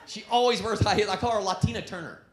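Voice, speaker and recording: A man performing a stand-up comedy set on a club stage, telling stories with an animated delivery. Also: high-pitched, quick pace. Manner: animated storytelling, breaks into laughs. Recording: echoey club with background noise.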